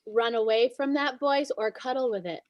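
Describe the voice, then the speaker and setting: A woman on a casual group video call, talking in a hesitant, halting way. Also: fairly high pitch, dull audio. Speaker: improv performer.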